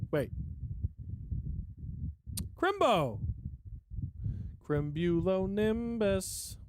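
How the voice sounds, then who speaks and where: A man's voice: on the high side, background noise. A man rambling casually and profanely on a music live stream, joking at his own expense. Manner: rambling, profane, self-mocking.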